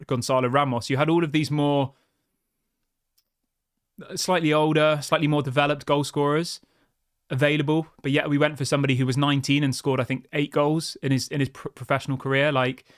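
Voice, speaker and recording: A man's voice: mid-range voice, dry recording, clean studio sound. A man hosting a football channel, reading viewer comments aloud and giving blunt, frustrated opinions in a chatty way. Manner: frustrated, blunt and conversational, often saying "mate".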